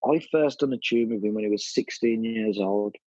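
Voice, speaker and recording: Husky DJ telling stories bluntly. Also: male voice, lowish voice, moderate pace, no echo, dull audio. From Birmingham, England. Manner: animated, blunt storyteller with lots of "you know" and "mate". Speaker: DJ and guest. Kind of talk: casual storytelling interview.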